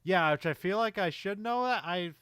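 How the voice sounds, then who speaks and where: A man's voice: high voice, animated, moderate pace, fairly bright tone, clear, resonant tone, no room sound. A man co-hosting a casual movie podcast, rambling and laughing often, with lots of fillers. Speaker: podcast co-host.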